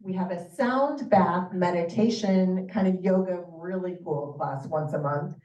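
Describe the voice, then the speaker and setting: A woman's voice: fairly low pitch, a little slow, warm tone. A woman presenting library programs to a community audience, upbeat and asking the room questions. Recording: echoey room from far off, dull.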